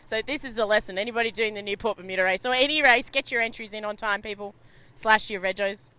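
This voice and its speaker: Aussie girl calling a sailing race, laughs a lot, bright crisp voice, dry close sound. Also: mid-range voice, fast talker, no room sound. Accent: Australian. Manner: bubbly, laughs often, chatty. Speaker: race commentator. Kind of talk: live sailing commentary. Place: on a media boat at sea.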